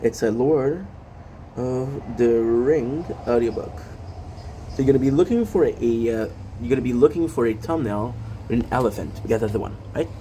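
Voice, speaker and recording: A man's voice: mid-range voice, moderate pace, dark tone, a little hiss or hum. A man streaming live, rambling casually to his chat with lots of fillers and asides.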